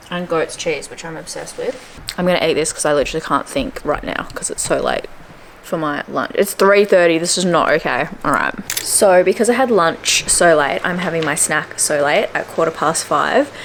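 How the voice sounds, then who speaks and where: Her fairly bright voice moves at a moderate pace over a little hiss or hum. A young fitness vlogger, she chats upbeat and casual to camera about her day at home, drifting into squeaky baby talk for her dog.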